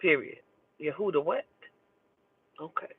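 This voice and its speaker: A woman telling a personal story in a casual, profane and animated way. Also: low voice, unhurried, husky. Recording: tinny phone-like dry recording.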